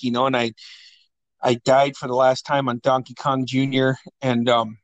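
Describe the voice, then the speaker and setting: A man's voice: mid-range voice, flat delivery, moderate pace, no echo. Laughing man telling family stories. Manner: laughing often, swearing, acting out quoted voices. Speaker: podcast host. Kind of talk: casual family storytelling.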